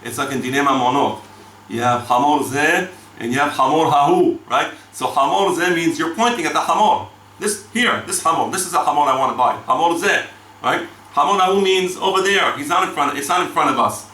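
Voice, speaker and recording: A man's voice: a little high, a little fast, pushed and bright. A male rabbi giving a spoken Torah class, dramatic, with rhetorical questions and sweeping emphasis, mixing in Hebrew terms and reading Talmud aloud. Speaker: rabbi teaching the weekly Torah portion. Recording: echoey room, mic at a distance.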